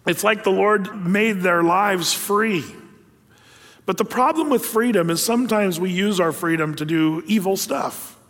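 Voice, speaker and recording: A male pastor giving a sermon, reading scripture and retelling stories in a conversational, animated way. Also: high voice, unhurried, long reverb tail.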